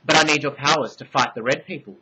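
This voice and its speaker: A man's voice: on the high side, fast, pushed and bright, slight background noise, voice pushed up, rough recording. Man voicing a pleading Minoan priestess. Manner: earnest, pleading, raised voice.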